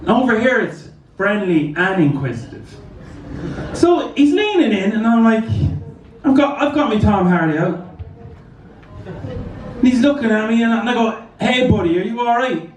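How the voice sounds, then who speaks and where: A man's voice: high-pitched, sing-song, unhurried, pauses often, reverberant, far from the mic, poor audio. A man doing a stand-up comedy set in a club, telling crude, rambling stories. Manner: crude, rambling anecdotal delivery.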